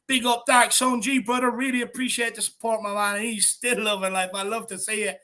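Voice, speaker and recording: A man hosting a casual livestream chat, reading out viewer messages with animated energy. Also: high-pitched, a little fast. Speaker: host of fan channel.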